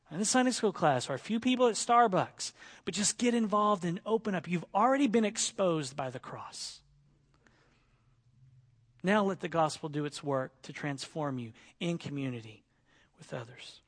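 A male pastor preaching a sermon with lively delivery, sometimes mimicking whining complainers. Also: high voice.

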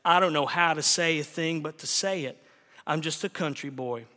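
A pastor voicing a humble, smooth-talking young Bible salesman while reading a story aloud, soft-spoken and folksy. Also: on the high side, normal speed, close to an everyday voice. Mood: humble pleading. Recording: long hall reverb.

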